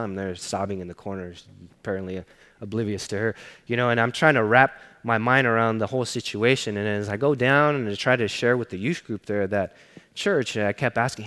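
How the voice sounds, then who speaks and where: A man preaching a sermon, telling a personal story earnestly and often dropping to a hushed voice. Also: lowish voice, normal speed. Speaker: pastor. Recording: long reverb of a large hall.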